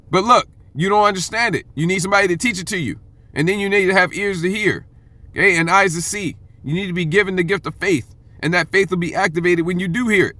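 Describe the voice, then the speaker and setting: A man's voice: high-pitched, sharp tone, dry recording. A man preaching a sermon and teaching scripture in an emphatic, conversational way, often checking in with "okay?" and slipping into blunt slang. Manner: blunt street slang and occasional profanity.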